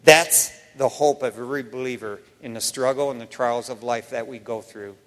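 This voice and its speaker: A man preaching a sermon as pastor, folksy and animated, telling stories with laughs. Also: medium pitch, moderate pace. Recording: long reverb of a church hall.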